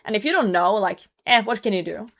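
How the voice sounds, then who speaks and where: With a medium-pitched, expressive voice that's fairly bright and brisk, a young woman chats casually with viewers while streaming a game. She's blunt and self-mocking, laughing often and swearing when frustrated.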